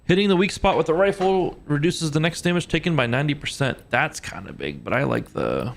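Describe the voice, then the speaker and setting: A man giving relaxed, casual commentary while livestreaming a game, thinking aloud and laughing easily. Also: fairly high pitch, brisk, gravelly, slight background noise. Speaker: gaming streamer. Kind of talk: casual live gameplay commentary.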